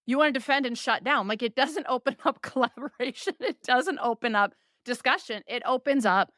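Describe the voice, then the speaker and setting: A woman hosting a podcast, explaining ideas in a lively, conversational way and often acting out the complaints she describes. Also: high voice, a little fast, no echo, studio quality. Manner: animated, voices quoted complaints for illustration. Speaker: podcast host.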